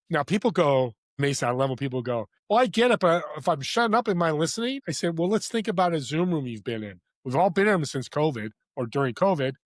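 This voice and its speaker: An enthusiastic man telling stories as a podcast guest. His voice sits a bit high and the sound is dry and close. He talks with emphatic energy and lots of asides. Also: no room sound. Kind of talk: casual interview chat.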